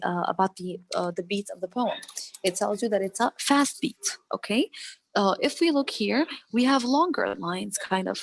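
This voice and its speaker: Female teacher on a video call, mid-pitched, repeats herself to drive points home, faint line noise. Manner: repetitive, explanatory, fills with "okay". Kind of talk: online English lesson.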